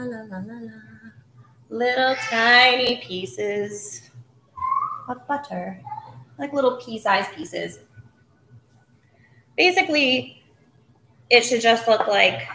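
A woman's voice: mid-range voice, noisy background. A woman hosting a live cooking demonstration, chatting with joking asides and muttering to herself as she works in a home kitchen. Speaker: cooking show host. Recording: roomy kitchen sound with clattering dishes.

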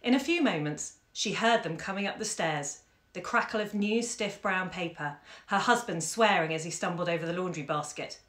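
A woman hosting a live-streamed story reading from home, chatty and expressive with fillers. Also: on the low side, moderate pace. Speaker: bookshop owner and host. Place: home during lockdown. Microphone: phone camera. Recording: echoey room.

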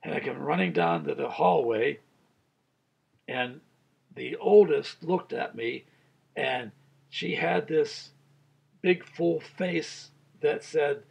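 A man's voice: on the high side, slow, creaky, pauses often, darkish tone, husky. A man in his sixties, a pastor, giving an earnest Bible study sermon with a personal story, chuckling as he tells it.

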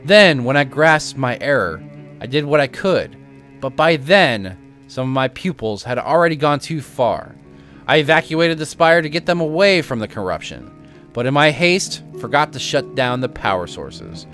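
A guilt-ridden elf magister pours out his regrets about a failed experiment, as a man reads his quest text aloud. The voice stays an everyday one, with pitch that rises and falls a good deal. Soft music hums faintly underneath. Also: sing-song, normal speed. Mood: regretful. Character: remorseful elf mage master, male.

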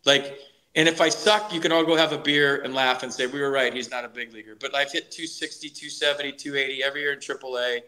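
A middle-aged former ballplayer and broadcaster, guesting on a podcast, spins stories from his playing days with animated, energetic delivery. His medium-pitched, fast voice has a bright, forward edge, and he often stumbles and restarts before the point lands.

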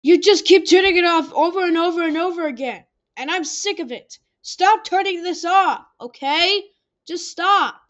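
A woman's voice: extremely high pitch, expressive, slow pace, highs cut off, exaggerated voice. A woman voicing an exasperated computer error character who scolds the listener for turning off the computer. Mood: annoyed scolding. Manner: pleading then scolding, rising to shouts.

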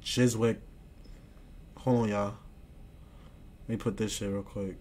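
A man's voice: fairly low pitch, little pitch movement, slow pace, darkish tone, a little hiss or hum. A young man livestreaming and answering chat in slangy, boastful casual talk. He keeps repeating phrases and often drops to a mutter.

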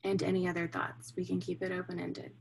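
A woman's voice: lowish voice, completely flat delivery, brisk, gravelly, a little hiss or hum, poor audio. A woman leading a group discussion, hesitant with many ums. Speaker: discussion leader.

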